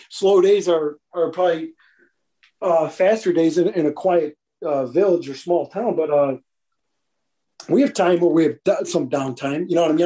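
Cop guy telling stories on an interview show, high voice, kinda mellow, acts out the people in them. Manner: animated, acts out voices in anecdotes. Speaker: police officer guest. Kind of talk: casual storytelling interview.

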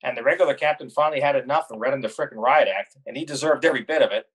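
Brief: middle-aged male guest spinning lively anecdotes, mid-pitched, dry and close. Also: racing, slightly rough, no room sound. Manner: animated storyteller, laughs at his own tales. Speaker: guest, corporate pilot. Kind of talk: casual storytelling chat.

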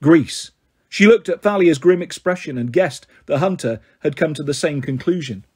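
A male reader narrating a fantasy novel aloud. His voice is husky and sits high for a man, with a steady, expressive delivery. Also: normal speed. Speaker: audiobook reader. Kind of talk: storybook narration.

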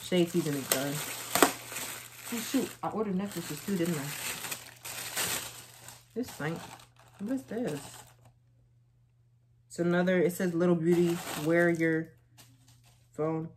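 A young woman chatting casually through a try-on haul, telling stories in lively slang. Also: fairly low pitch, takes it slowly, pauses often, background noise. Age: young adult. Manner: chatty, animated storytelling with slang. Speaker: vlogger.

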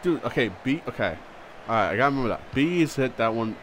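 A man live-streaming a football video game, chatting and reacting loudly, often repeating his words. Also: mid-range voice, fast talker, a little hiss or hum. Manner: excitable, repeats words, yelps in surprise. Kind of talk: live gameplay chat.

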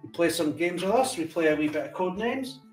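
A Scottish man chatting casually in a vlog as he opens his fan mail, with frequent warm exclamations and asides to his cat. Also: fairly high pitch, expressive, quick pace, far from the mic, faint music behind. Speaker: coin collecting channel host. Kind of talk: casual vlog chat while opening mail.

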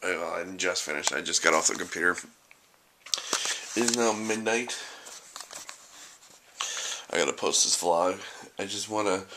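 A man's voice: on the low side, bright, forceful tone, a little hiss or hum. A young man vlogging casually, joking, rambling and making fun of himself. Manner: joking, rambling, self-mocking. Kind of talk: casual vlog.

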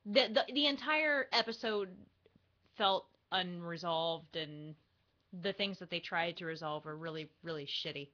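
A young woman co-hosting a casual fan podcast, frank and lively. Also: on the low side, a little slow. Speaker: podcast co-host. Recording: dull lo-fi livestream audio.

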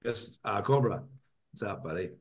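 A man hosting a casual, joking bar chat on a live stream, talking in loose, drawn-out banter. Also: lowish voice, animated. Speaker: podcast host.

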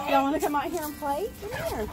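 Out in a yard, a woman films her dog for a casual home video, cooing and gushing over the puppy and laughing often. She's a dog owner vlogger with a high-pitched voice, and the recording is rough.

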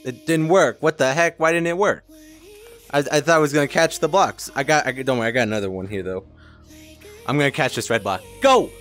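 A man's voice: medium pitch, fairly quick, a bit bright, faint music behind. A young man giving playful, melodramatic commentary while playing a video game, joking with himself and others. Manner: joking, exaggerated, melodramatic outbursts. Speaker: gaming streamer.

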